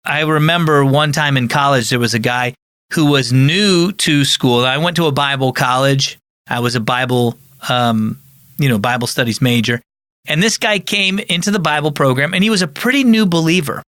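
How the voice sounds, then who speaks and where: Bright-voiced pastor talking earnestly. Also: male voice, medium pitch, moderate pace, no room sound, studio quality. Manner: conversational, earnest, explanatory. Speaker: pastor and podcast host. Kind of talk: teaching talk.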